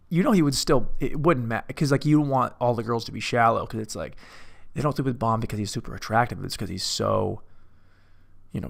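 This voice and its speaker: A man's voice: mid-range voice, gravelly, fairly bright tone. A man alone in a room, casually reviewing a film, rambling, cursing and mocking himself. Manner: rambling, self-mocking, profane. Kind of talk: casual movie commentary.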